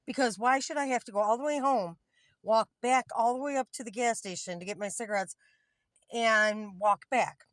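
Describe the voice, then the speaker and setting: A woman's voice: a little high, normal speed, dry recording, clean studio sound. A woman in her fifties talking candidly into her phone from a parked car, rambling and getting heated at times. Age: 50s. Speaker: vlogger. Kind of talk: casual selfie vlog. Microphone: phone camera.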